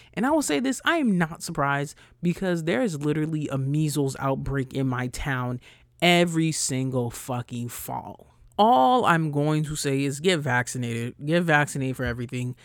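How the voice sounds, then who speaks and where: A young woman from New ranting bluntly as a podcast host, swearing freely and her voice jumping loud and high when she gets riled. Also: lively intonation, moderate pace, no room sound, clean studio sound. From New York, USA. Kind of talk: casual ranting monologue.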